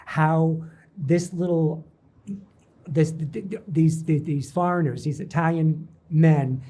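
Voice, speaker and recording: A man's voice: fairly high pitch, fairly even intonation, slow pace, warm tone. A man hosting a local TV interview, eagerly jumping in with questions and stumbling over his restarts. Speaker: host. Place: local TV studio.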